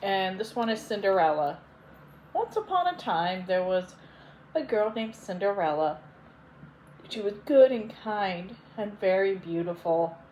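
A woman reading a children's fairy tale aloud as a bedtime story, in a gentle, clear read-aloud manner. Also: mid-range voice, lively intonation, unhurried, a little hiss or hum, low-quality recording. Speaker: storybook reader.

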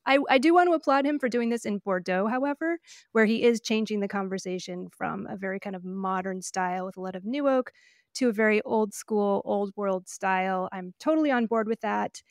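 A woman's voice: mid-range voice, a little fast, no room sound, clean studio sound. A woman co-hosting a wine podcast, chatting in an opinionated, casual way with frequent fillers and laughs. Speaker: podcast co-host. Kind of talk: casual chat. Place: living in Oregon.

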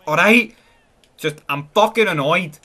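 A man with a Scottish accent giving live, foul-mouthed gameplay commentary, swinging between excited yelling and glum muttering. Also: high-pitched, unhurried. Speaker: gaming channel host.

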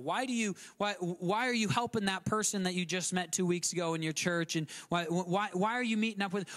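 High-voiced pastor preaching casually. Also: male voice, moderate pace, fairly bright tone. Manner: conversational, many restarts and repeated words; acts out quotes with sudden shifts in pitch. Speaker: guest pastor. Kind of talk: sermon.

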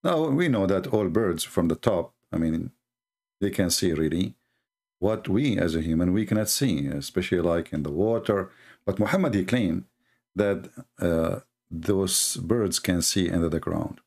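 A man from the Middle East with an Arabic accent, a native Arabic speaker, giving a sarcastic, animated commentary as a Christian apologist. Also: deep voice, unhurried, creaky. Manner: sarcastic, animated, laughs at his own points. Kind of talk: mocking commentary talk.

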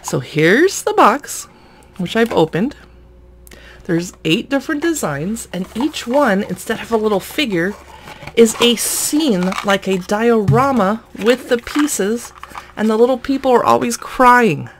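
A woman's voice: a little high, lively intonation, a little slow, slight background noise. A woman casually narrating a toy unboxing, chatty and amused, often laughing at the items.

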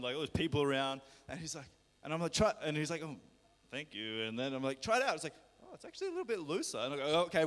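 A man's voice: on the high side, a bit bright. A man in a live church service telling a healing story with frequent laughs, then praying commandingly over the congregation. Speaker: worship leader sharing a healing testimony. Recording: long hall reverb.

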